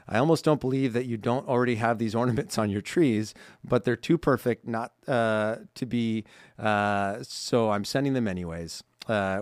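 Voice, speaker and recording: Here a man co-hosting a holiday podcast laughs frequently while chattily reading out listener cards. The studio microphone gives his mid-range voice a clean studio sound, free of room noise.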